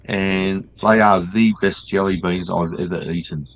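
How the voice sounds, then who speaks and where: A laid-back man with a very deep voice. He chats wryly in a relaxed video call. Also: unhurried. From Australia. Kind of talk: casual group chat on a stream.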